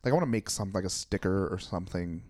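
Laid-back comic man, low voice, dry sound. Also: racing, a little mellow, no echo. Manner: rambling, profane, laughs often. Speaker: stand-up comic and podcast co-host. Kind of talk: casual chat.

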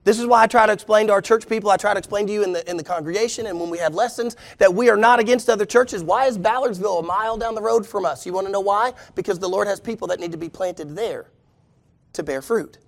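High-voiced preacher asking the congregation questions. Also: male voice, quick pace, creaky. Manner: emphatic, rhetorical questions to the congregation. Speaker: pastor. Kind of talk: sermon.

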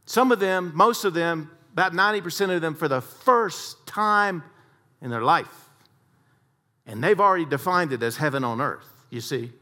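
A man telling stories dramatically in a talk with a faith message, swinging between loud and hushed. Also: a little high, lively intonation, normal speed. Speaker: speaker, sports psychologist.

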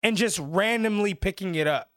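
A man's voice: sits high, moderate pace, a bit bright, no echo, studio quality. A man co-hosting a podcast, rambling and swearing through casual banter and laughing a lot. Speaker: podcast co-host.

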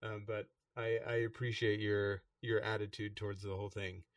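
A man's voice: fairly low pitch, little pitch movement, normal speed, no echo, clean studio sound, recorded from a distance. A man hosting a casual chat, easygoing and full of fillers, thanking his guest. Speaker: podcast host.

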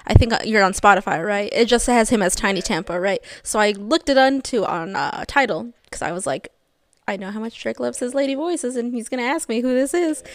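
A woman's voice: on the high side, brisk, no echo. Chatty young woman co-hosting a podcast. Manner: chatty, upbeat, laughs often. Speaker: podcast co-host. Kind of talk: casual podcast chat.

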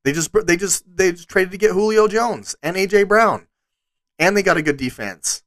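Man hosting a solo podcast, casual and rambling, bright tone, dry close sound. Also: high voice, expressive, normal speed, dry recording. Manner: casual, rambling with frequent restarts. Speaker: podcast host. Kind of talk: solo sports podcast commentary.

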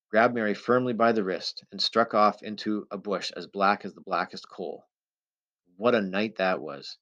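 A man reading a first-person adventure story aloud with measured, tense storytelling. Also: on the low side, a bit bright. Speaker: audiobook narrator. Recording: dull lo-fi recording.

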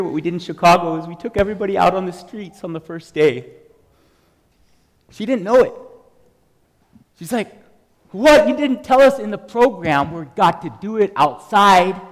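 A man preaching and telling a testimony story, acting out the people in it and raising his voice for emphasis. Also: medium pitch. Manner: animated storyteller, acts out dialogue, shouts for emphasis. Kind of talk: sermon with personal testimony. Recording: reverberant hall.

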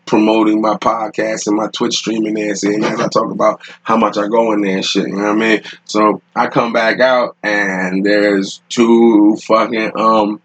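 A man's voice: on the low side, flat delivery, normal speed, few pauses, fairly bright tone, low-quality recording. A man hosting a podcast, telling a rambling, profane story in casual talk, often laughing, recorded in a room at home. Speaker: podcast host.

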